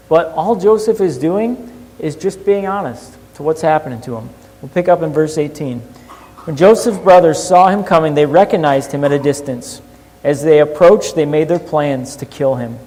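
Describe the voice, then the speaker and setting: A male pastor telling a Bible story and a childhood story in a sermon, animated and shifting from hushed to lively. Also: a little high, normal speed. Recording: long hall reverb.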